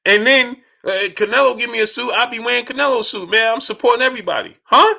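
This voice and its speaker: A man's voice: very high-pitched, quick pace, gravelly, bright, forceful tone. A man hosting a live boxing talk stream. He greets chat viewers by name and repeats his points with emphasis. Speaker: boxing channel host.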